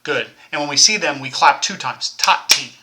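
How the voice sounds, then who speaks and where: A man's voice: fairly high pitch, expressive, normal speed, background noise. A man teaching a recorded elementary music lesson, encouraging young children, counting them in and chanting rhythm syllables.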